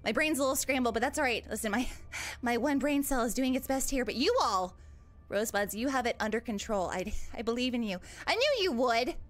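A woman's voice: on the high side, brisk, close to an everyday voice. A woman voicing a cheerful young huntress girl as a VTuber streamer, chatting live in character and squealing often. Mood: excited. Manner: bubbly, excitable, squeals often.

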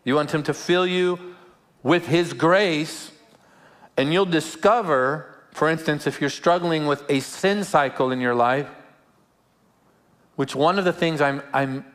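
A man's voice: fairly high pitch, a little slow, fairly bright tone. Earnest pastor man preaching live. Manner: earnest, with repeated words and light humorous asides. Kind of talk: live sermon. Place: church service before a congregation.

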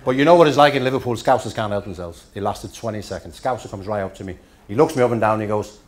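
Danish guy in his 50s telling dinner stories, lowish voice, deadpan punchlines, function room mic. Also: fast. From Denmark. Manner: dry storytelling with punchlines. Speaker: after-dinner guest speaker. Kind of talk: after-dinner anecdote telling.

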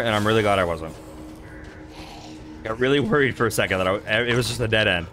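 Male let's-play host, low-pitched, swears freely while narrating his game. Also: fast talker, long pauses, fairly bright tone, a little hiss or hum. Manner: casual, profane, talks to himself while playing. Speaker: gaming channel host.

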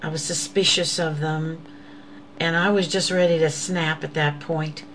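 A woman's voice: low voice, fairly even intonation, unhurried, fairly bright tone, low-quality recording. A woman giving a personal faith testimony, earnest and intimate, often sinking to a whisper and calling listeners "beloveds.". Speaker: host of an inspirational show.

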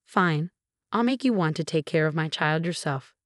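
A woman's voice: sits low, lively intonation, moderate pace, no room sound, clean studio sound. A woman voicing a scheming young mother who shrugs off blame with careless, evasive replies. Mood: flippant. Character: scheming flippant young mother, a sister-in-law.

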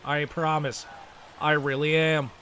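A young man commenting on his own baseball video game play, excitable and self-mocking, laughing at his mistakes. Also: on the high side, a little slow, a little hiss or hum. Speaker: gaming video host. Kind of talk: gameplay commentary.

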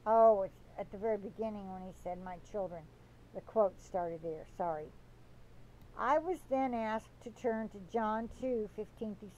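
A woman reading prophecy and scripture aloud in a deliberate way, stopping for chatty asides and apologies. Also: mid-range voice, darkish tone, rough recording. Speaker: Christian devotional reader.

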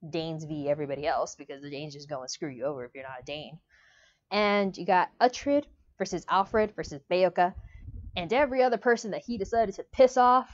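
Gushing young woman, lo-fi audio. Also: on the low side. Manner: gushing, emotional, animated. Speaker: book reviewer. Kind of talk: casual book review vlog. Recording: dull lo-fi audio.

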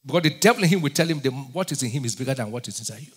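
A man with a Nigerian accent preaching a sermon, firing call-and-response questions at his congregation and breaking into sudden shouts. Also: medium pitch, expressive, very fast, slightly rough, long reverb tail. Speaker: pastor.

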